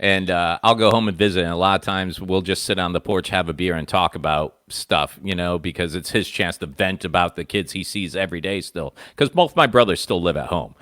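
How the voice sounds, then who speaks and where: A man in his thirties with a fairly low voice telling family stories in an easygoing way on a comedy radio show. The studio mic is close and dry. He drops into his father's voice now and then. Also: a little fast, hardly any pauses, dry recording. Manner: relaxed, conversational storyteller who voices his dad. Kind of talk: casual comedic chat.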